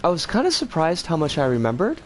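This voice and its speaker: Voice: huge pitch swings, quick pace, slight background noise. A game streamer chatting casually over gameplay and greeting viewers by name. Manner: chatty, greets viewers warmly, swings pitch a lot. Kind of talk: casual live game commentary.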